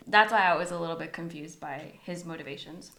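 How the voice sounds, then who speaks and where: A woman's voice: low voice, fairly quick. A woman co-hosting a book podcast, retelling scenes in casual chat and acting out the characters' lines. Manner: animated, acts out characters' lines while retelling.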